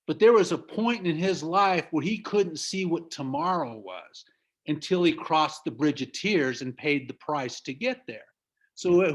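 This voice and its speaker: A middle-aged man from the United States giving an emphatic motivational business talk over a video call. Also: sits high. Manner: emphatic, preachy, laughs at own stories. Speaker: business trainer.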